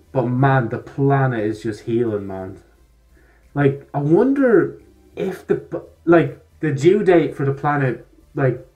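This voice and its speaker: A man's voice: mid-range voice, dark tone. A young man, talking through a casual vlog update in a rambling way, with laughs and restarts. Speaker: vlogger.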